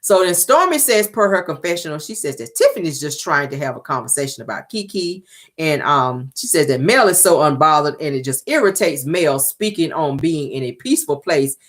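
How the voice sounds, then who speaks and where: A woman's voice: sits low, lively intonation, fairly quick. A woman recapping a reality show episode in a chatty, casual way, slipping into playful impressions. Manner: chatty, drops into playful impressions of cast members.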